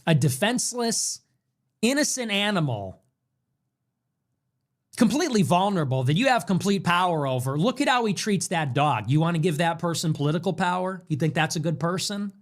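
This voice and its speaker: A man delivering a heated political rant in a clip played on the stream, with forceful, repetitive phrasing. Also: high voice, animated, normal speed.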